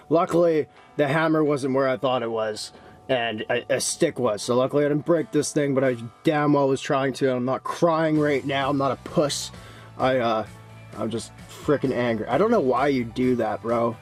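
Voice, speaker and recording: A young man talking casually in a vlog, excitable and swinging between hype and frustration. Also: mid-range voice, normal speed, soft background music. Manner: excitable, swings from hyped to deflated and angry. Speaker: vlogger.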